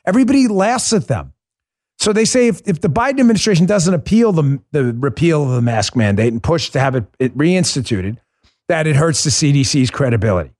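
A man's voice: sits high, darkish tone. A man hosting a political podcast, delivering a combative, mocking monologue.

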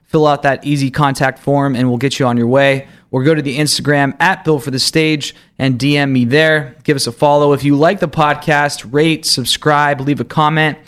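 A man's voice: fairly high pitch, little pitch movement, moderate pace, hardly any pauses, a bit bright. A man hosting a podcast, chatting casually and reading an upbeat promotional sign-off. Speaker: podcast host. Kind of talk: casual chat and scripted sign-off.

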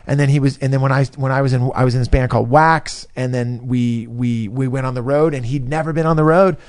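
A man's voice: mid-range voice, fairly even intonation, fast talker, darkish tone. A man telling a long story in casual chat, rambling and acting out quotes in other voices. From Southern California. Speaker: guest musician.

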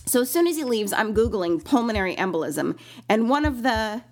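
A woman in casual conversation, animated and quick to laugh, still recovering from an illness. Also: fairly high pitch. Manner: animated, laughs often, acts out quoted voices. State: recovering from illness, lingering cough. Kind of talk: casual storytelling chat.

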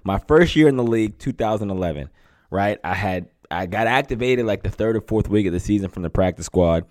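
A man in his thirties from Pennsylvania, co-hosting a sports podcast and telling stories in a casual, animated way. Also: fairly low pitch, a little fast, no echo, studio quality. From Pennsylvania, USA. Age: 30s. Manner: animated storyteller, acts out quotes. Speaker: podcast co-host, former NFL receiver.

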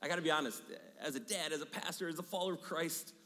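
A man in his thirties preaching a sermon in a church, energetic, repeating key phrases and dropping into hushed asides. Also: on the high side, quick pace. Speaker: pastor. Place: church sanctuary. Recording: long hall reverb.

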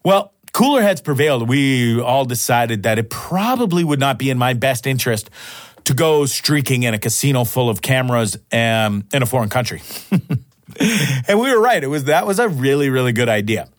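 A man's voice: mid-range voice, animated, normal speed, no echo, clean studio sound. A man hosting his own podcast, telling a story in a rambling way and swearing casually. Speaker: podcast host.

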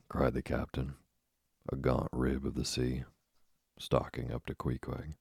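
Very deep gravelly male narrator. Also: monotone, a little mellow, no room sound, clean studio sound. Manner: measured, dramatic storytelling. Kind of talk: audiobook reading of a classic novel.

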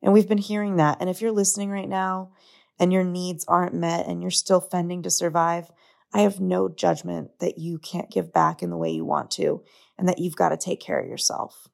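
Young adult woman hosting a reflective solo podcast; low-ish, creaky voice, sincere, open delivery. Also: fairly even intonation, normal speed, a little mellow. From United States. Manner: earnest, open, confiding. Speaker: podcast host.

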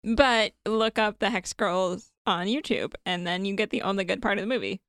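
A woman co-hosting a podcast, easygoing and agreeable in casual review chat. Her voice has a gravelly fry to it, and the recording is dry and close. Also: medium pitch, moderate pace, a bit bright, dry recording. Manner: easygoing, agreeable, laughs often. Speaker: podcast co-host.

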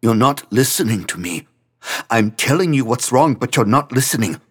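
A man's voice: on the low side, expressive, measured pace, fairly bright tone, breathy edge, heavily acted. A man voicing a volatile young male musician who talks in a raised, agitated, intense way. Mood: angry.

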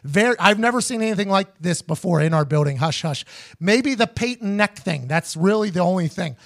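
A man hosting a podcast, telling a story in an animated, profane way and acting out both sides of each conversation. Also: high voice, brisk, vocal fry. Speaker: podcast host. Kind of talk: casual storytelling chat.

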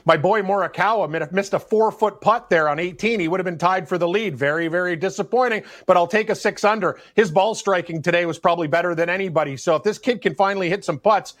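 High-voiced, emphatic sports talk man. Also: fast, hardly any pauses. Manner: emphatic, opinionated, animated asides. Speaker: sports podcast co-host.

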